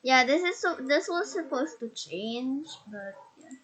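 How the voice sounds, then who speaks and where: A woman's voice: sits high, lively intonation, measured pace, fairly bright tone. A shy, nervous woman hosting a casual game house tour. She stutters and restarts often, her voice muffled by a face mask as she records on a laptop.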